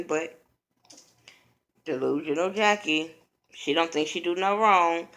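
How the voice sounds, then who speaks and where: A woman's voice: low voice, normal speed, fairly bright tone. A woman giving a blunt, profane, opinionated casual recap of a reality TV episode.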